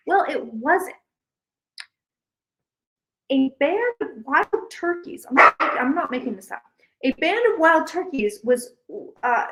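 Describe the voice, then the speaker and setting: Woman, livestream host, casual rambling chat, animated storytelling, bright tone. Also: sits high, low-quality recording.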